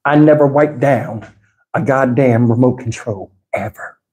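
A man hosts a livestream on a lapel mic, telling a story in a loose, animated way. His talk is salty and full of laughs. His pitch sits in an ordinary middle range. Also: a little slow, lo-fi sound. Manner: animated, profane, laughs often. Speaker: livestream host. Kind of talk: casual storytelling. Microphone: wireless lapel mic.

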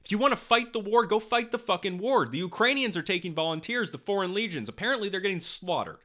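A man's voice: sits high, expressive, fast, sharp tone. A young man hosting a podcast, delivering a heated political monologue, swearing often and repeating himself for emphasis. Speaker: podcast host.

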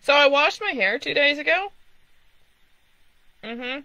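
A gamer with a very bright, sharp tone chats loosely over the gameplay, swearing freely and talking to the screen. The pitch swings widely as they react. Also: expressive, takes it slowly, no echo. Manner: profane, laughing, talking to the screen. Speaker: gamer playing on a stream. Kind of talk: casual gameplay chat.

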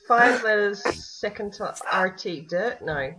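A woman's voice: medium pitch, expressive, slow pace. A woman chatting casually while playing an online drawing game, teasing, laughing often and swearing freely. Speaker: gaming channel host. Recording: faint background noise.

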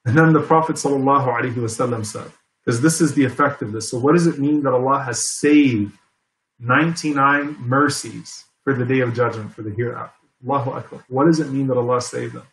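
A man's voice: mid-range voice, fairly even intonation, fairly quick. A man giving an earnest religious lecture as a preacher, repeating key phrases for emphasis. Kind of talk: Islamic lecture. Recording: echoey room.

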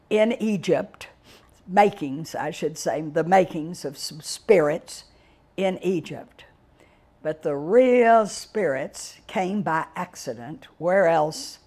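An older woman from Texas, giving a digressive storytelling lecture with dramatic exclamations and drawn-out words. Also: on the low side. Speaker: guest speaker reviewing a book.

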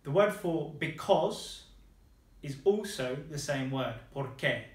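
A man's voice: on the high side, lively intonation, slow pace, reverberant. A man teaching a lesson, patiently modelling phrases and praising his student's answers. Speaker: language teacher.

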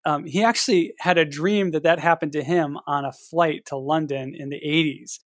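A man co-hosting a casual writing podcast, talking in a measured, hesitant way with many fillers. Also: fairly high pitch, fairly even intonation, a bit bright, no room sound, studio quality. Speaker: podcast co-host and editor.

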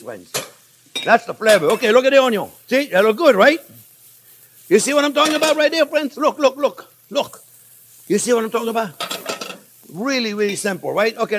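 High-voiced animated male chef. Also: slight background noise. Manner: animated, repeats phrases, chuckles, addresses viewers as friends. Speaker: chef, cooking show host. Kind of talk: casual cooking demonstration.

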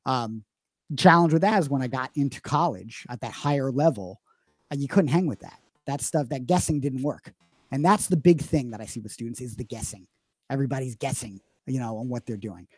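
A man's voice: medium pitch, fairly quick, no room sound. A man explaining drumming as a teacher in a live online Q&A lesson, talking emphatically with frequent restarts. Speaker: drum teacher.

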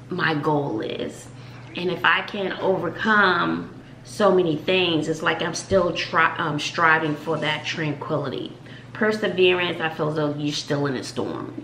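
A middle-aged woman, a mother hosting a family vlog, talking calmly and reflectively. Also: sits low. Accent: Texan. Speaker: mom and channel host. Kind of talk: casual family chat. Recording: echoey room with faint noise.

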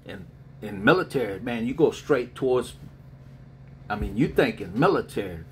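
Brief: middle-aged male spiritual reader, lively up-and-down delivery, slight hum behind him. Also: mid-range voice, normal speed. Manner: rambling, animated storyteller who laughs often. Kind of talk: casual vlog answering viewer questions.

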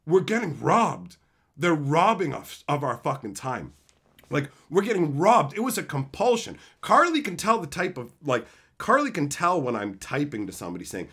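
A male YouTuber telling a story in a lively, swooping voice that sits a little higher than most men's. He swears constantly and slips into mocking voices for old online fights. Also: a little fast. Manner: profane, animated, acts out quoted insults. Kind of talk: casual storytelling rant.

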